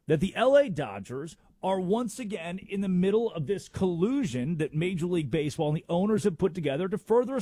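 A man's voice: a little high, warm tone, slightly rough, no room sound, studio quality. A man hosting a sports talk radio show, making emphatic arguments with rhetorical questions.

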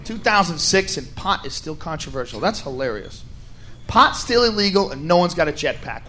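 A man doing a loud, profane stand-up comedy set, often shouting and laughing. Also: a little high, sing-song, moderate pace. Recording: live club recording with crowd noise. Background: audience noise.

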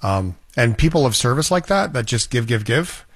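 A man's voice: mid-range voice, sing-song, moderate pace, no room sound. A man hosting a casual chat, reflective and easygoing, with a joking edge. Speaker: host.

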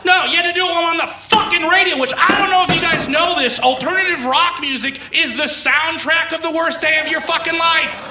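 A man doing a stand-up comedy set, ranting and shouting with a lot of profanity. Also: very high-pitched, fairly quick, hardly any pauses, crowd noise, noisy background.

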